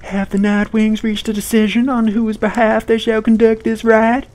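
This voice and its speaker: A man voicing a stately, commanding female rite official in a high, ceremonious tone. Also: completely flat delivery, normal speed, a little mellow, faint music behind, lightly acted. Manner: ceremonious, lofty speech.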